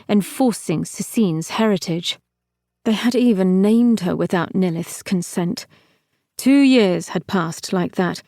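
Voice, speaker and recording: Slow, measured woman narrating an audiobook. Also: medium pitch, darkish tone, dry recording, studio quality. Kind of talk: scripted narration.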